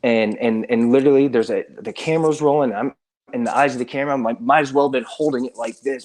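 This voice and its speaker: A man's voice: mid-range voice, steady tone, quick pace, darkish tone. A man talking casually on a live stream, earnest and exasperated, stumbling over restarts and repeated words as he defends himself.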